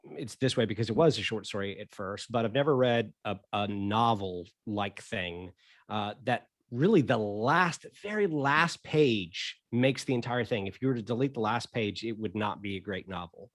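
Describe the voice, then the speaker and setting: A man's voice: fairly low pitch, lively intonation, moderate pace, dry recording, studio quality. A man who teaches, talking about a book in a casual discussion, earnest and searching, often restarting phrases.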